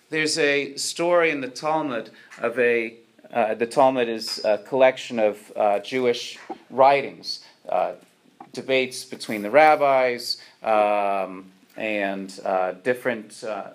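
A man teaching through a psalm with slides, earnest and asking rhetorical questions, with frequent "uh" fillers. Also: mid-range voice. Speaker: teacher of a Bible study.

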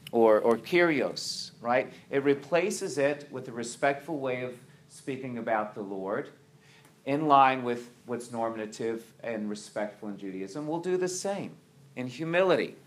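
A man's voice: mid-range voice, a bit bright, slight background noise. A man preaching a sermon to his congregation, often restarting his words and checking in with "right?".

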